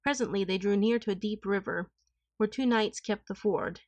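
A woman narrating an old knightly tale in a steady, even storybook reading. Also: medium pitch, normal speed, no room sound.

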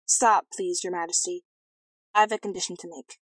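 A woman voicing a cool, blunt young prince in a storybook reading, calm and matter-of-fact. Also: on the low side, moderate pace, slightly rough, no echo.

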